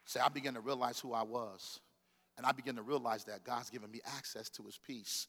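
A man giving a sermon as a pastor, preaching with call-and-response and sudden loud bursts. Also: medium pitch, fairly even intonation, fairly quick, long reverb tail, some chatter behind, slight background noise.

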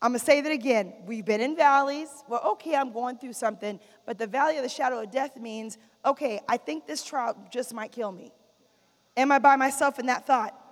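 A woman's voice: on the high side, a little fast. A woman preaching a sermon in a church, calling for amens from the congregation and repeating lines for emphasis. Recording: long reverb of a large hall.

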